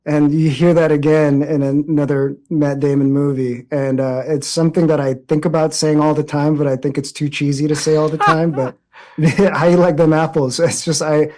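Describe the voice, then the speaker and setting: A man with a somewhat high voice talks through his answers at an easy pace. He restarts sentences and fills pauses as he thinks, in a casual interview. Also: little pitch movement, warm tone. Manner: reflective, many restarts and fillers. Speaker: interview guest.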